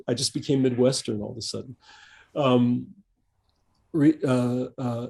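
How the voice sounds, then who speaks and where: A man in his fifties, a coach being interviewed on a podcast, speaking thoughtfully and haltingly with many restarts and fillers. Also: medium pitch, steady tone, gravelly, a little mellow, husky. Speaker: executive coach, guest.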